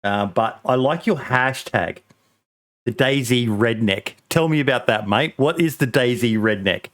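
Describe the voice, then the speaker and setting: A man's voice: mid-range voice, measured pace, fairly bright tone. A man hosting a casual podcast, bantering and swearing freely with his guests. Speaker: podcast host.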